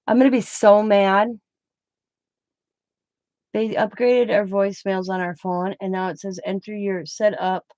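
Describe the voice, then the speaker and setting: A woman's voice: mid-range voice, darkish tone, no echo, poor audio. Chatty middle-aged woman, dry close sound. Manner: rambling, emotional, trails off mid-sentence. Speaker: craft channel host. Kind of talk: casual live-stream chat.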